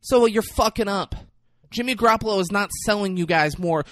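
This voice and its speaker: A man's voice: high voice, fairly quick, a bit bright, dry recording, studio quality. A man hosting a comedy podcast, ranting in a casual, profane, jokey way. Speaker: podcast host.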